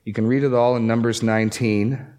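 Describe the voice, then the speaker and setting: A man's voice: medium pitch, steady tone, fairly quick, darkish tone. A man preaching a sermon, expository and emphatic, pushing up and dropping down to stress key words. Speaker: pastor.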